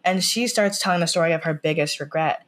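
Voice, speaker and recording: A woman's voice: fairly low pitch, fast talker. Rambling American woman, podcast guest. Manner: rambling, full of "like" fillers and restarts; retells scenes with quoted lines. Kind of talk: casual podcast chat.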